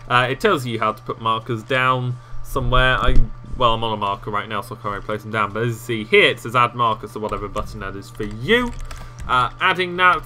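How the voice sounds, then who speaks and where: A man talks through a video editing tutorial in a loose, rambling way, joking at his own slips. His voice is very bright and forward. Faint music plays under him. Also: on the low side, quick pace. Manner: rambling, chatty, self-mocking asides. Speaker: game tutorial host. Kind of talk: casual screen-recorded tutorial.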